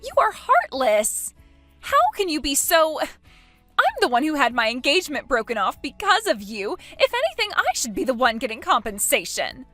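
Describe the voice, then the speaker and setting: A shrill, entitled young woman, put on by a female narrator, her voice climbing high and swinging wildly as she protests. Each line comes out whiny and outraged. Soft music plays faintly underneath. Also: big pitch swings, brisk, dry recording.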